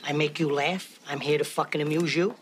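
An actor playing a volatile, short-tempered mobster who talks in a brash, profane way. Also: male voice, a little high, fairly even intonation, fairly quick, close to an everyday voice. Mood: menacing. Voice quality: brash, profane, menacing mock-offense. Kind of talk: film dialogue. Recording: noisy film audio.

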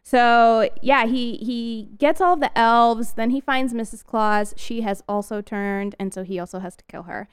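A woman's voice: a little high, measured pace, few pauses, smooth. A woman co-hosting a podcast, animatedly retelling a movie plot with laughs. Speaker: podcast co-host. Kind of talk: casual movie recap chat.

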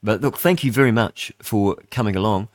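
Rambling older New radio host. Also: male voice, lowish voice, normal speed, dry recording, studio quality. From New Zealand. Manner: rambling, chatty, with frequent fillers and restarts. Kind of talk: casual talk-radio monologue.

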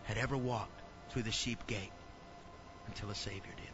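A man preaching a sermon in a church, swinging from loud to hushed. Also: on the low side, fairly even intonation, normal speed, over music. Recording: dull lo-fi recording.

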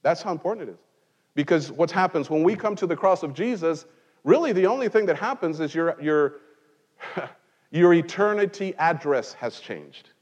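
A man's voice: fairly high pitch, animated, brisk, slightly rough, long reverb tail, lo-fi sound. A man who grew up in Mexico, preaching a conversational sermon from a pulpit in church and mixing in wry jokes. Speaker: pastor.

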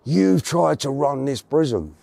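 A man's voice: on the high side, lively intonation, unhurried, vocal fry, dark tone, no room sound, exaggerated voice. A man voicing a big, tough, self-important male prison officer, with a clumsy put-on Welsh accent and clipped, stern orders. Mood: menacing. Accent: Welsh, put on badly.

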